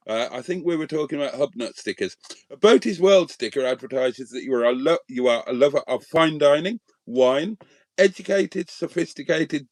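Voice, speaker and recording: A man's voice: fairly high pitch, a little mellow, dry recording. A man hosting a live stream from a motorhome, bantering and reading out viewer names. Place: inside a motorhome.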